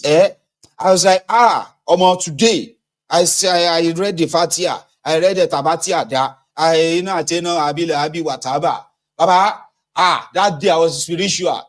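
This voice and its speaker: A man voicing an excitable Nigerian voter who claims a spirit moved his finger, speaking with a Nigerian accent in a raised, breathless, exclaiming voice. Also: high voice, pitched above the performer's own voice, natural voice. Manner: breathless, exclaiming, mock-pious.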